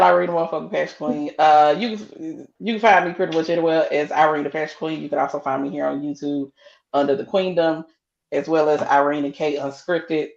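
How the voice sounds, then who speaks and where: A woman's voice: deep voice, vocal fry, darkish tone. A woman co-host in casual chat, brash and profane, pressing her points. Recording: echoey, muffled, faint hiss.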